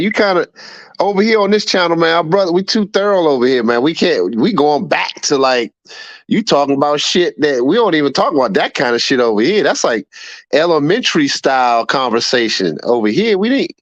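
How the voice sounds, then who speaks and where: A man's voice: a little high, big pitch swings, a little fast, no room sound, highs cut off. A man hosting a livestream and reading chat aloud, laughing often, repeating himself and scolding a viewer. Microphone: streaming setup mic.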